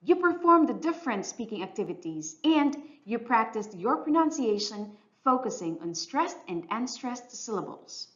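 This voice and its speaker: A woman teacher giving a clear, measured, scripted English lesson narration. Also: on the high side, sing-song, a bit bright, lo-fi sound. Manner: clear, instructional, measured delivery.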